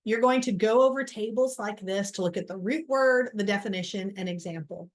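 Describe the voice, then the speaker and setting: A woman's voice: mid-range voice, a little fast. A middle-aged woman teaching a recorded college lecture over slides, casual and self-deprecating. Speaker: college biology instructor.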